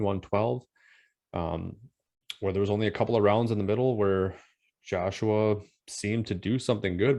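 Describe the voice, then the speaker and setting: A man with a fairly low voice co-hosting a casual sports podcast. He talks haltingly, with frequent fillers and restarts as he works through his thoughts. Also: a little mellow. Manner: hesitant, many ums and restarts. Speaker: podcast co-host. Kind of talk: casual boxing talk.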